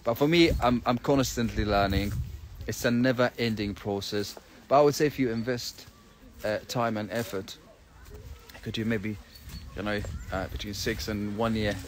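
A man's voice: lowish voice, moderate pace. A man talking casually to his viewers as he walks around a farm, chatty and rambling, with lots of fillers. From England. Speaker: English teacher vlogger. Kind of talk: casual walking vlog. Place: outdoors on a farm. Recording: outdoor noise in the background.

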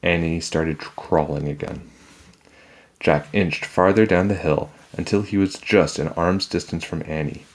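A man with a very low, deep voice reads a children's chapter book aloud. His storytelling is calm and measured, with an unhurried, even delivery.

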